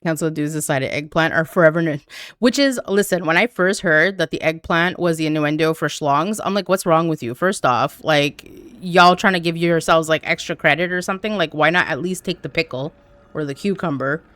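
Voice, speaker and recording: A woman's voice: sits low, brisk, a bit bright, no echo, studio quality. A woman streaming a game live, chatting candidly and jokingly with her viewers as she plays. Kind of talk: casual chat while playing live.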